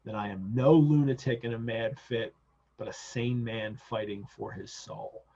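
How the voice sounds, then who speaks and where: A man's voice: medium pitch, fairly even intonation, a little slow, gravelly, warm tone, husky. A man reading aloud the lines of a desperate male asylum inmate pleading for release, over dull lo-fi video call audio. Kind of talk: reading a novel passage aloud.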